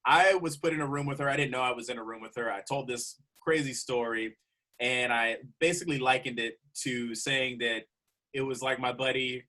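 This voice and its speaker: A man, a comedian guest, telling a road story in a casual, animated way with frequent laughs. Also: medium pitch, moderate pace.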